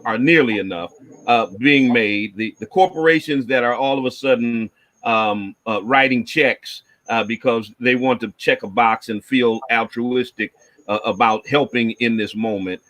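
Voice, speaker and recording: A man hosting a panel discussion, asking probing questions in a halting way, with many fillers. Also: medium pitch, fairly bright tone. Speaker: host.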